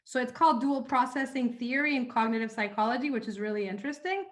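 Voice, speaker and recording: A woman's voice: a little high, quick pace. A woman presenter on a video call, eagerly explaining a concept and repeating words as she goes. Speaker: presenter, psychology trainer. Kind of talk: explanatory lecture.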